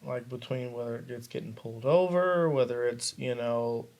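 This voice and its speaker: A man who is a guest on a podcast, talking in an easygoing, measured way and leaning on "you know". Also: mid-range voice, fairly even intonation, vocal fry, darkish tone. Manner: laid-back and measured, lots of "you know". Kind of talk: casual interview chat.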